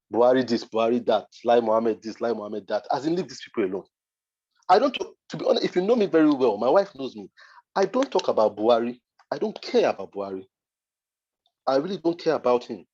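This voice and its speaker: A man's voice: medium pitch, a little mellow, breathy edge. Emphatic Nigerian man, dull recording. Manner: emphatic, repeats points for force. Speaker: design mentor. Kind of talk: motivational masterclass talk.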